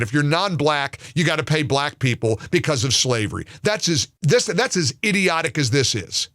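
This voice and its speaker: A man's voice: on the high side, a bit bright, dry recording, clean studio sound. A man hosting a talk radio show, ranting angrily and sarcastically, often repeating words as he gets worked up. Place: radio studio. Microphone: studio mic.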